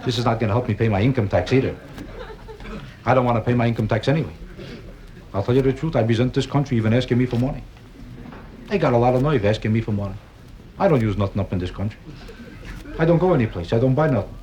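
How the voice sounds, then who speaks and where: A man doing stand-up comedy on a nightclub stage, with a deadpan, kvetching, sing-song delivery. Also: medium pitch, fast, pauses often, rough recording. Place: nightclub stage before a live audience. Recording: 1962 live album with audience noise.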